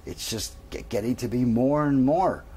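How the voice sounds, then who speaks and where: A man's voice: mid-range voice, mellow, a little hiss or hum, close to an everyday voice. Man playing a stammering obsessed patient. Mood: sheepish. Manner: halting, repeats words.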